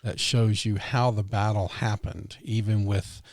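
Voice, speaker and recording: A man with a fairly low voice tells a story on a podcast, eager and sprinkling in "you know" as he goes. The sound is close and dry. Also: fairly even intonation, a little slow, a little mellow, dry recording. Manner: enthusiastic, tosses in "you know" often. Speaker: podcast co-host. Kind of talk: casual storytelling chat.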